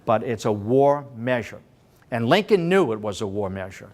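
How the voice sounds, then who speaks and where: A man's voice: medium pitch, very animated, a little mellow. Emphatic older man giving a history lecture. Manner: emphatic, with dramatic slowed phrasing and frequent restarts. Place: senior center meeting room.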